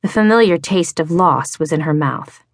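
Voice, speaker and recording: A woman narrating a romance audiobook in a measured, even way, read into a close studio mic in a recording booth. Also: deep voice, dry recording. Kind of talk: scripted narration.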